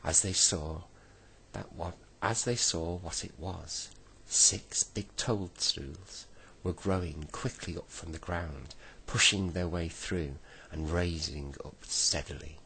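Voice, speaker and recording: A man reads a bedtime story in a deep, unhurried voice. He reads gently and now and then stops to correct himself. A faint hush of ambience sits behind him. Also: a little hiss or hum, poor audio. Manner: gentle reading with self-corrections.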